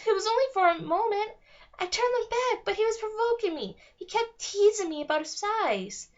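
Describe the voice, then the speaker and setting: A woman voicing a tiny, high-voiced girl fairy who is tearful and upset, on a dull lo-fi recording. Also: expressive, moderate pace.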